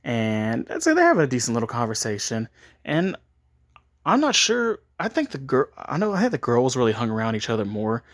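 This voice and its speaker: A man's voice: medium pitch, wildly swooping pitch, fairly quick. A man casually making up and retelling a story, rambling with frequent restarts and chuckles.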